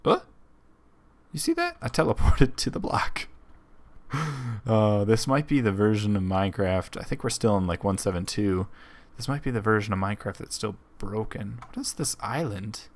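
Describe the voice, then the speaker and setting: A young man with the hiccups commentating his game casually, thinking out loud with lots of ums. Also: on the low side, moderate pace. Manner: rambling, thinking aloud with many ums. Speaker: let's play host.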